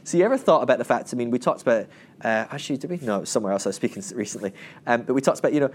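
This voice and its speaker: A man's voice: medium pitch, racing, a little hiss or hum. A man giving a casual Bible teaching talk, rambling with restarts and acting out the people in the stories. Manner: animated storytelling, acting out quoted voices; rambling with many restarts and asides.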